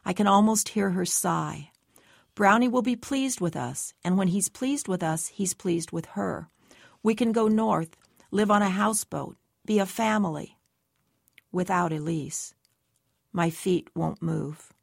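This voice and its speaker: A woman's voice: mid-range voice, a little slow, vocal fry, slightly rough, no echo, studio quality. A woman giving tense, anxious first-person story narration as an audiobook narrator.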